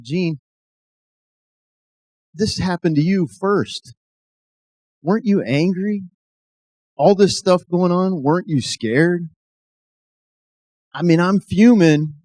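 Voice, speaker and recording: A man's voice: medium pitch, a little mellow, no echo. Earnest man giving a testimony speech. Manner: earnest, builds to emphatic exhortation. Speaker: speaker.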